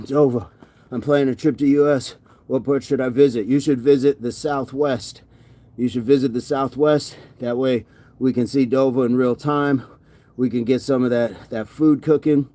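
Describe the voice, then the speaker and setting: A man's voice: mid-range voice, mellow. A man livestreaming a workout, winded and sweaty, reading viewer comments aloud and often repeating himself in casual chat. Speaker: fitness livestreamer.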